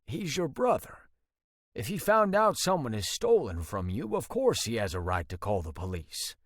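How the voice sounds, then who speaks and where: A man voicing a concerned father who calmly explains bad news. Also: mid-range voice, moderate pace, dry recording, clean studio sound. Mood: probing. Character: concerned older rancher father.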